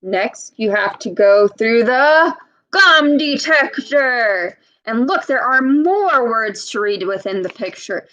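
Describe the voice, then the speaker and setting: A woman reading a children's picture book aloud, pausing to point out words and ask young listeners questions in a clear, teacherly way. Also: fairly high pitch, expressive, fairly bright tone, poor audio.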